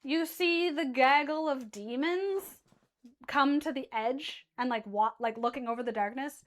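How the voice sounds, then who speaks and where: A woman's voice: high voice, measured pace. A woman narrating as game master in casual, loose chat, swearing freely and correcting herself mid-sentence.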